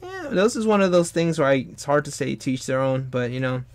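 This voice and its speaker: A young adult man chatting casually while he draws on a live stream, rambling and animated, sometimes bursting into loud high put-on exclamations. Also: fast, no room sound. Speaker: streamer and artist.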